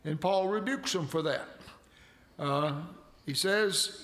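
A man's voice: fairly high pitch, slow pace, a bit bright. A man preaching a sermon as pastor, reading scripture aloud in a folksy, conversational way and stressing key words.

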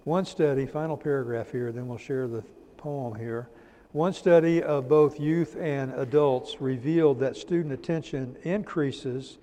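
A man teaching a church teacher-training class, repeating key terms slowly for notes and adding folksy "amen" asides. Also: medium pitch, warm tone, in a large hall. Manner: folksy, drops in "amen" and "praise the Lord".

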